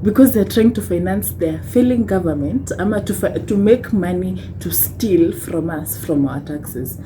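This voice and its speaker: A woman's voice: on the low side, expressive, normal speed, dark tone, slight background noise, rough recording. A young Kenyan woman with a Kenyan accent ranting on a vlog, impassioned and rhetorical, tagging points with "hmm?" and wry laughs. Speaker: vlogger.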